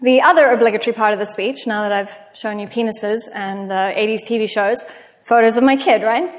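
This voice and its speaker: A woman's voice: fairly high pitch, a little fast. A woman giving a public talk, telling chatty, self-mocking anecdotes to an audience. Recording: long hall reverb.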